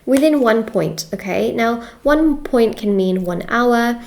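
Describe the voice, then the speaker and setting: A woman's voice: fairly high pitch, expressive, takes it slowly, darkish tone, a little hiss or hum. A woman giving a casual tarot reading to camera, chatty and repetitive, often checking in with "okay?". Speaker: tarot reader.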